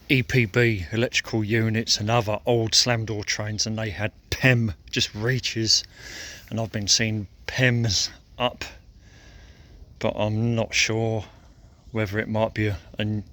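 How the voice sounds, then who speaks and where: A man vlogging as he walks outdoors by a lake, thinking aloud in a slow, musing way and noting that he feels a bit sore. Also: on the low side, a bit bright. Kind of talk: casual walking commentary.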